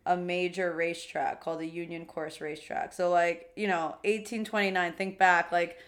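A young American woman co-hosting a casual podcast, chatty and quick to laugh, often restarting her sentences. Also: on the low side, flat delivery. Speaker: podcast co-host. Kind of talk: casual chat.

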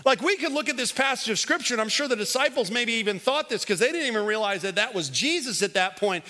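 A man preaching from the pulpit in a high, bright voice that lingers in the long reverb of a church sanctuary. He drives his points home by repeating them, swinging between loud declarations and hushed stretches. He has the congregation repeat lines back to him. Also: animated, fast, hardly any pauses. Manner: repeats phrases and leads the congregation in call-and-response. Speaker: pastor. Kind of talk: sermon.

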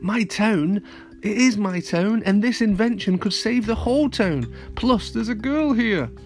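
A man putting on an excited young male inventor from a storybook, pitched up high above his reading voice. He talks breathlessly and eagerly. Faint music plays behind. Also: unhurried. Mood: pleading.

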